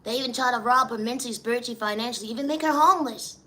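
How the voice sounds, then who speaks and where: A shrill, piping voice preaches comfort and self-worth, calling the listener "neighbor" over and over. The tone is bright and sharp. It comes from a vlog of spoken-word talks. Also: male voice, very fast. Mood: gentle. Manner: preachy, repeats "neighbor" and "you know". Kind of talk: spoken-word pep talk.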